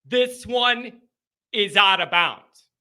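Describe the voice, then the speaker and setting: A man's voice: high voice, animated, extremely slow. A man hosting a post-game football call-in show, ranting and repeating himself with worked-up intensity. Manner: worked-up, yelling, repetitive ranting.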